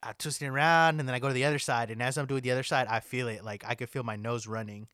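A man's voice: mid-range voice, fairly even intonation, fast, a bit bright, dry recording. Give me a man ranting casually on a podcast, with a dead, dry sound. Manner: ranting, heavy swearing, lots of filler likes. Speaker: podcast co-host. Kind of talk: casual chat.

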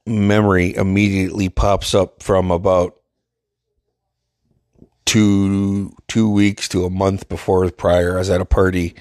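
A man's voice: sits low, a little mellow, no echo, studio quality. A man casually telling a profane, exasperated story and acting out what people said. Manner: profane, exasperated, acts out quotes.

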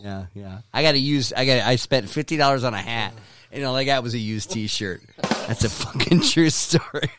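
A man hosting a podcast in a studio, chatting casually, swearing often, laughing and telling animated stories. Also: medium pitch, normal speed, soft background music. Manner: profane, laughing, animated storytelling. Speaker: podcast host. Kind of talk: casual chat.

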